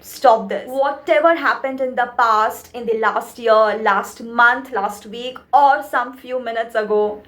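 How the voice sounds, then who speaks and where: A woman's voice: fairly high pitch, measured pace, hardly any pauses, a bit bright. A woman mentor giving an earnest motivational talk, counting through her points. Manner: earnest, repeats "trust me", lists points.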